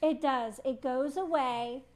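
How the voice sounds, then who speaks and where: A woman's voice: high-pitched, slow, darkish tone. A woman co-hosting a fish-keeping live stream, telling stories about running a shop in a chatty, teasing way. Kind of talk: casual chat.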